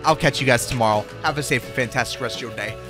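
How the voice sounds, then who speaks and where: A young man giving jokey, excitable commentary over his own video game play, reacting fast to what happens on screen. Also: mid-range voice. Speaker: gaming YouTuber. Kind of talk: Minecraft gameplay commentary. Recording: faint music behind the voice.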